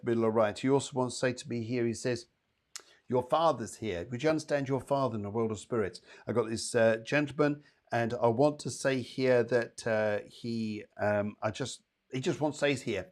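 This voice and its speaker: A male psychic medium hosts a live show, giving readings to viewers. He talks in a chatty, upbeat way and calls people by name. His pitch sits in an ordinary middle range.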